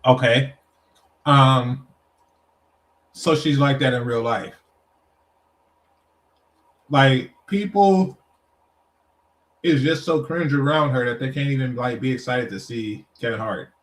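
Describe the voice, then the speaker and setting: A man's voice: mid-range voice, takes it slowly, pauses often, reverberant, low-quality recording. A man giving frank, casual reaction commentary on an interview clip. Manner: frank, blunt, wry.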